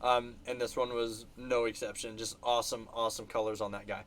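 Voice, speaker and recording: A man hosting a casual livestream, telling animated stories and laughing between sentences. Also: mid-range voice, a little fast, few pauses, slight background noise. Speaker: channel host reacting to live chat. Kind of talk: casual livestream chat showing trip photos.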